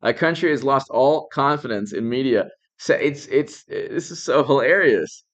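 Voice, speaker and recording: A man's voice: mid-range voice, lively intonation, normal speed, a bit bright, dull audio. A man hosting a live political commentary stream, rambling, laughing often and thanking viewers by name.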